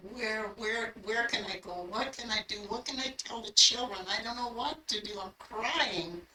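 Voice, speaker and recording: Bright-voiced older woman telling her story. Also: medium pitch, slight background noise. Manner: earnest, acts out her own remembered words. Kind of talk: personal storytelling. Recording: echoey room, voice from a distance.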